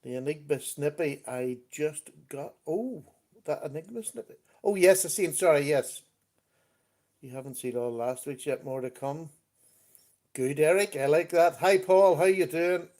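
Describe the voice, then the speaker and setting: A man's voice: on the high side, unhurried, darkish tone. A man hosting a casual livestream chat, greeting viewers by name as he talks. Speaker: livestream host. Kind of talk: casual live-stream chat.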